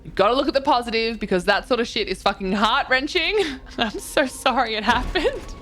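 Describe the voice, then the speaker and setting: A woman's voice: on the high side, lively intonation, brisk, a bit bright, faint music behind. A young woman streaming a game, chatting casually, reading chat aloud and reacting with gasps and swearing. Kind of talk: casual live-stream chat while touring game houses.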